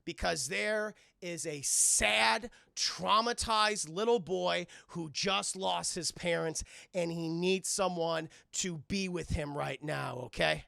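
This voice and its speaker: A man's voice: high voice, moderate pace, vocal fry, bright, forceful tone, dry recording, clean studio sound, exaggerated voice. A man voicing a stern older male butler who lectures his master and pushes him to act. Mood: scolding. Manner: insistent, lecturing, swearing.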